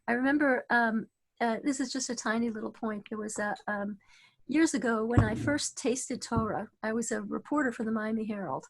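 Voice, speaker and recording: A middle-aged woman giving a spoken Torah talk, telling personal stories earnestly with frequent restarts and halting phrases. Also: a little high, slightly rough. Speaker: religious teacher.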